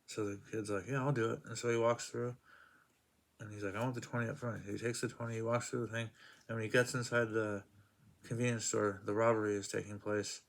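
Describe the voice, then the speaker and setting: A man's voice: on the low side, level tone, fairly quick. A man casually reviewing comic books, rambling through plot summaries with many fillers.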